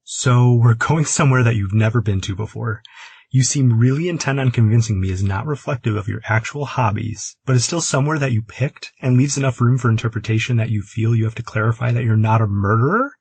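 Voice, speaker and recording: A man puts on a teasing, skeptical young man in an audiobook romance. The voice is husky and lifted, with a bantering, needling edge. It sits in a close, dry booth with no room sound. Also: fairly low pitch, animated, moderate pace, a little mellow, dry recording.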